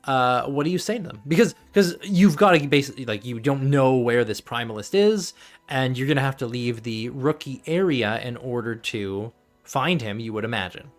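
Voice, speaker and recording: A man's voice: mid-range voice, expressive, normal speed, faint music behind. A man running a tabletop game as game master, rambling and laughing as he corrects himself.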